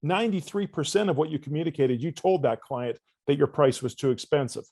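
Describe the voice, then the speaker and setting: A man, a coach guest on a podcast interview, telling stories with lively, acted-out dialogue in a casual conversational way. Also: on the high side, a little fast, gravelly, no echo. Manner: animated storyteller, acts out dialogue.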